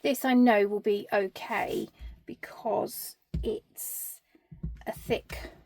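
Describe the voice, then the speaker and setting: Slow-talking woman teaching sewing. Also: mid-range voice, fairly even intonation, creaky, a little mellow, slightly rough. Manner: chatty, self-deprecating, thinks aloud with fillers. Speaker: sewing tutor. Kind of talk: casual sewing tutorial.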